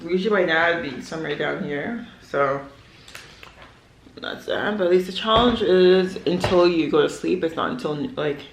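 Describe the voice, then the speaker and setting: A young woman vlogging at home, chatting in a rambling way with many fillers while she eats. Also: lowish voice. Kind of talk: casual chat while eating. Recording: echoey room.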